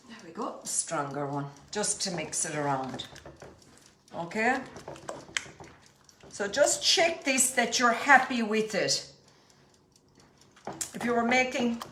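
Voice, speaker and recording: A woman's voice: mid-range voice, background noise. A middle-aged Irish woman giving a homely, chatty cooking demonstration in her kitchen, often calling her viewers folks. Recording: echoey kitchen with faint clatter. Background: clinking dishes and cutlery.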